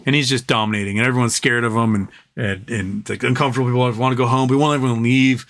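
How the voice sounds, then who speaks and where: A man's voice: mid-range voice, steady tone, fast talker, few pauses, a bit bright. A man hosting a late-night livestream, chatting casually in a rambling, profane way and chuckling at his own jokes. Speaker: livestream host.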